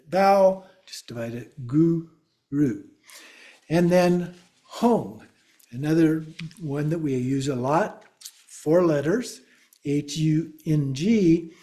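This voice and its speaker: A man teaching a class, speaking slowly and deliberately and spelling words out letter by letter. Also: fairly high pitch, warm tone. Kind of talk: class lecture.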